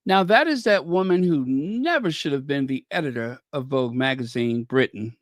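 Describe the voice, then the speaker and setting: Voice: medium pitch, lively intonation, normal speed, few pauses, no room sound, clean studio sound. A channel host giving chatty, opinionated commentary with laughing asides. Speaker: host of a royal news channel. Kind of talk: casual commentary.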